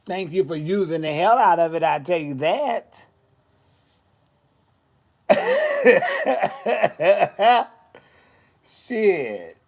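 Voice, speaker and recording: A man's voice: fairly high pitch, lively intonation, normal speed, hardly any pauses, a little mellow. A man chatting casually on a livestream, sassy and blunt, swearing a lot as he answers comments.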